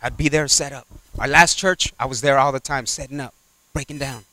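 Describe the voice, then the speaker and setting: A man preaching a sermon, swinging from loud exhortation to quiet asides and acting out little dialogues. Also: medium pitch, fairly quick, dry recording. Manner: acts out little dialogues in character voices.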